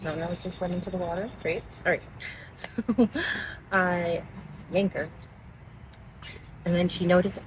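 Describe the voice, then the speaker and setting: A woman's voice: on the low side, steady tone, measured pace, long pauses. A woman casually telling a story outdoors near water, rambling and giggling and often distracted. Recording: noisy outdoor recording.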